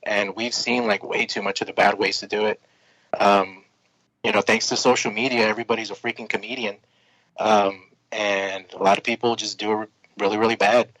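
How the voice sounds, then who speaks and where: A man's voice: lowish voice, a bit bright, no room sound, poor audio. A man, a comic book creator, chatting casually as a podcast guest, rambling with lots of fillers and restarts.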